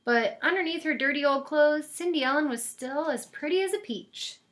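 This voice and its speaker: A woman reading a picture book aloud in a lively, expressive way. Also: high voice, moderate pace. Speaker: storyteller. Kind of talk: storybook read-aloud.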